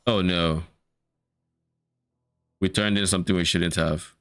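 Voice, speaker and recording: A man's voice: low-pitched, steady tone, unhurried, a bit bright, dry recording, studio quality. A man streaming a game, casually thinking aloud about loot and swearing now and then. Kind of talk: casual gameplay commentary.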